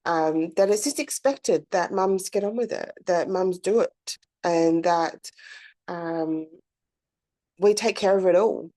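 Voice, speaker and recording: A woman's voice: on the low side, darkish tone. A woman, hosting her own podcast in a candid, chatty monologue full of fillers and the odd swear word. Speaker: podcast host. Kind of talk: casual reflective monologue.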